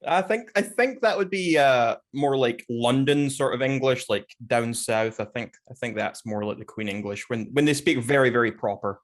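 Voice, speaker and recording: A man speaking as a podcast guest over a video call, deadpan and halting. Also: mid-range voice. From Scotland. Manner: deadpan, earnest-sounding, halting. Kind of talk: deadpan comedic chat.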